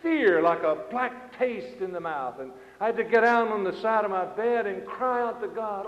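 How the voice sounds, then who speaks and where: An older man delivers a sermon in a high voice, rising to emphatic peaks and dropping low again. His words echo through a large church with a long reverb tail. The recording is dull and lo-fi. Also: normal speed, few pauses. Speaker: pastor. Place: church sanctuary. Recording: roomy hall sound, muffled lo-fi.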